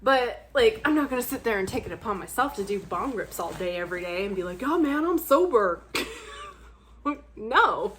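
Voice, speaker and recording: A woman's voice: mid-range voice, lively intonation, moderate pace, a bit bright, a little hiss or hum. Blunt, candid woman chatting casually. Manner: blunt, candid, laughs often, swears casually. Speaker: book vlogger. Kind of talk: casual chat to camera.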